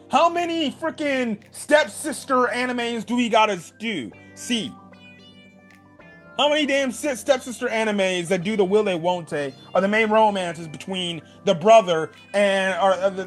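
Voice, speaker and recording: A man giving a casual anime review, animated, emphatic, and profane. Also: sits high, unhurried, soft background music.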